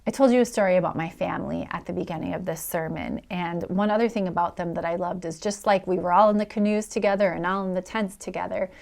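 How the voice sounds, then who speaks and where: A middle-aged woman preaching a sermon. Her voice sits at an ordinary pitch with a gravelly edge. She tells stories in a conversational way and acts out the people she quotes. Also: steady tone, quick pace, hardly any pauses, darkish tone. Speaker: executive pastor.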